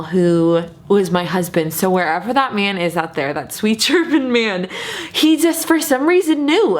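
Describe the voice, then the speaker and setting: A young woman vlogger telling a personal story in a chatty, animated way, with lots of fillers and repeated words. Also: mid-range voice. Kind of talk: casual storytelling to camera.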